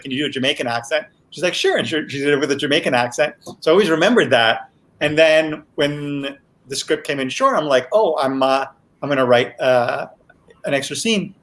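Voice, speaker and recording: A man's voice: mid-range voice, a bit bright. A man, a TV series creator, chatting casually as a podcast guest, telling set stories with many restarts.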